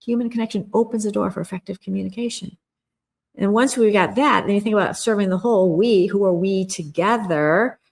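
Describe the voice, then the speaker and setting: Her voice is medium-pitched, creaky and darkish, and she speaks a little fast. As a middle-aged guest on a podcast interview, she explains a communication skill with earnest emphasis, voicing the inner thoughts she quotes.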